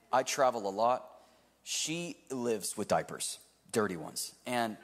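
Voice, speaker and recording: A man in his thirties preaching a sermon to a live congregation, swinging from loud to hushed. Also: medium pitch, long reverb tail. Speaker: pastor. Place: church hall with live audience.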